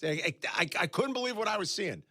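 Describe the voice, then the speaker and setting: A man hosting a sports radio show, chatting casually and telling stories with animated disbelief in a studio. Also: high-pitched, fast, no echo. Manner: animated storyteller, exclaims in disbelief. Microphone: studio microphone.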